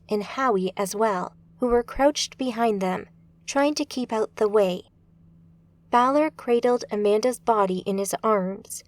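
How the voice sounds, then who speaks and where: A woman narrating an audiobook in a steady, measured way. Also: medium pitch, no room sound.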